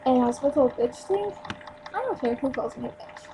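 Young woman from New Jersey, high-pitched, blunt and emphatic, casual rant into a hissy webcam mic. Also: expressive, fairly quick. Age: young adult. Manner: blunt, emphatic, swears freely. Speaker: store clerk venting on a vlog. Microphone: built-in webcam mic. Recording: noisy webcam recording.

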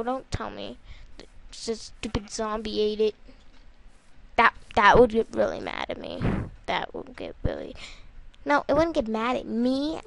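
A woman giving casual, rambling gameplay commentary, excitable and prone to loud outbursts, with music behind her. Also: on the high side, gravelly, slight background noise. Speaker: gaming YouTuber.

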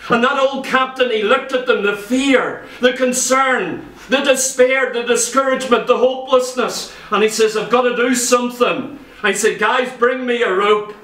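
High-voiced, impassioned preacher man. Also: moderate pace, a bit bright. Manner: impassioned, acts out quoted voices in stories. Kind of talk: sermon. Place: church. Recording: echoey church from far off.

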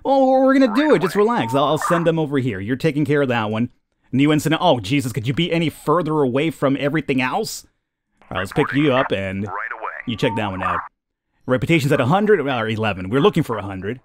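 Lively young man's game commentary. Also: mid-range voice, a little fast. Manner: chatty, laughs at callers, talks to units. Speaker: let's play host. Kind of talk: casual gameplay commentary.

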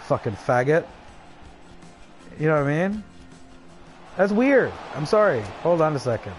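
Profane, taunting male streamer. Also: on the high side. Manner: aggressive, taunting, swears constantly; breaks into chuckles, mumbles asides. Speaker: livestreamer. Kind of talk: profane livestream rant.

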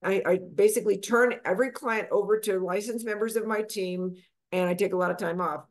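A middle-aged woman from Texas, a financial advisor guest, telling her story in a lively conversational way and acting out the people she quotes. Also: brisk. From Texas, USA. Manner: animated, acts out quotes with big pitch jumps.

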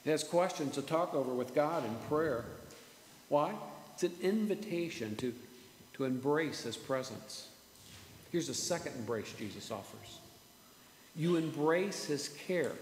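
A man preaching a sermon as pastor, earnest, repeating words and slowing down for emphasis. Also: medium pitch, lively intonation, a little hiss or hum. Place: church sanctuary. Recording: echoey church hall with faint ambience.

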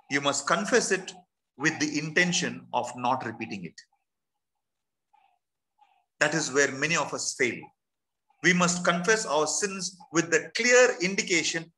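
A man's voice: high-pitched, bright, forceful tone, rough recording. A man preaching a sermon in church, earnest and emphatic, piling up lists and speaking out heartfelt prayers.

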